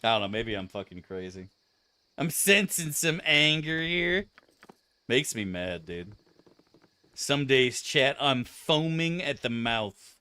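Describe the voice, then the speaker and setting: A man's voice: medium pitch, sing-song, slow pace, sharp tone, dry recording. A young man streaming a game, chatting casually to his viewers in a profane, ranting, mock-outraged way. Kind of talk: casual live-stream chat.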